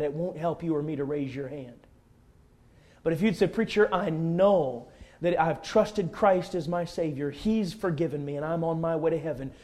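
A fervent middle-aged preacher, his voice sitting a little higher than most men's. He swings from near-whispers to full-throated cries as he pleads with the congregation. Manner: fervent, dynamic swings from hushed to shouting. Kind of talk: sermon with altar call.

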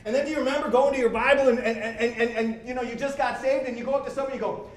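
A man pastor preaching a sermon in a church, conversational and animated, repeating himself as he builds. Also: very high voice, very fast, echoey room. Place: church sanctuary.

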